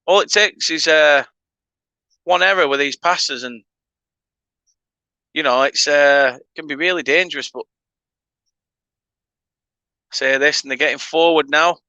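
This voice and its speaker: A man with a northern English accent runs a casual football watchalong for his fan channel, bantering with viewers between play-by-play remarks and laughing as he goes. His fairly high voice is unhurried, with long pauses and a sharp tone. The recording has no room sound and the highs are cut off.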